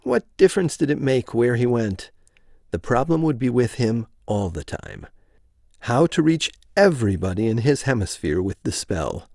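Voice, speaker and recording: A man narrating a vintage novel in an informal, expressive reading. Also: medium pitch, normal speed, creaky, no room sound. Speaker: reader.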